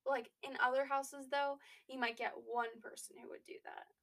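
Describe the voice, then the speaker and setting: A woman's voice: high voice, little pitch movement, moderate pace, fairly bright tone. A young woman co-hosting a podcast in casual chat, talking with lots of fillers and restarts. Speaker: podcast co-host.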